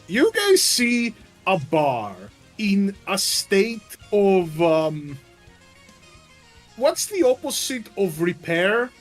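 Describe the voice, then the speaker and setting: A man's voice: high-pitched, huge pitch swings, extremely slow, soft background music. A man narrating as game master of a tabletop game, in a casual, hesitant way with frequent swearing and laughs.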